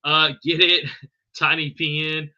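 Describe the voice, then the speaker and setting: A man hosting a live stream with a sharp, piercing brightness in his voice, pitched a little high for a man. He talks loose and profane, calling everyone bro and brother and stumbling over names. The audio comes through dull and lo-fi. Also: flat delivery, takes it slowly. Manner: fumbles unfamiliar names. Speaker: podcast host. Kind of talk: live podcast chat with viewers.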